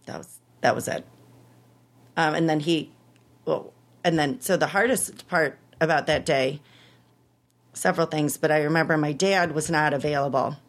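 A woman's voice: sits low, normal speed, pauses often. Candid woman telling a personal story. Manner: emotional, candid, with laughter. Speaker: interview guest.

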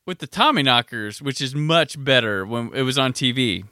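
A man's voice: mid-range voice, animated, normal speed, sharp tone, clear, resonant tone, no echo, studio quality. A man hosting a podcast, chatting casually and animatedly about a film, with a rambling style full of "like". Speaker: podcast host.

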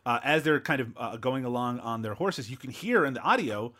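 A man's voice: mid-range voice, lively intonation, brisk, a bit bright. A Canadian man hosting a casual movie review podcast, teasing his co-hosts and laughing often. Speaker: podcast host.

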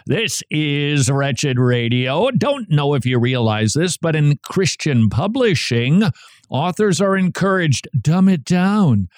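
A man hosting a talk radio show, speaking emphatically and sarcastically, with sudden jumps up in pitch for stress. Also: very animated, slow pace, no echo, clean studio sound. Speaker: radio host.

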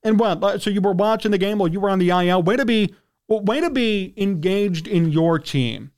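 A man with a Chicago accent, hosting a sports talk radio show, ranting indignantly and clearing his throat as he gets worked up. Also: a little fast, a little mellow. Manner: indignant, ranting, pitch jumps when worked up. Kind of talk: heated sports talk rant.

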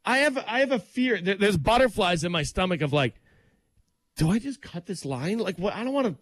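Brief: excitable male co-host, lively up-and-down delivery, dry close sound. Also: high-pitched, fairly quick, dry recording. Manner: animated, excitable storytelling. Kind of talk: casual chat.

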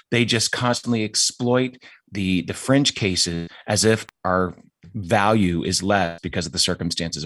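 Brief: male guest, lowish voice, earnest and emphatic, dry close sound. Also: fairly bright tone, dry recording. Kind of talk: interview answers.

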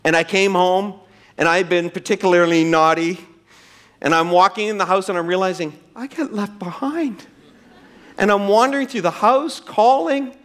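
A middle-aged pastor preaches in church with a high-pitched, clear, resonant voice that is a bit bright, keeping a moderate pace. He earnestly tells a personal story, speaks to the congregation as friends, and closes in prayer.

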